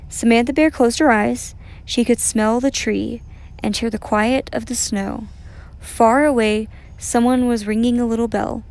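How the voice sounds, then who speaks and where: A woman reading a children's picture book aloud in a gentle, expressive way. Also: on the high side, unhurried. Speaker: storyteller. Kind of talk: children's story read aloud.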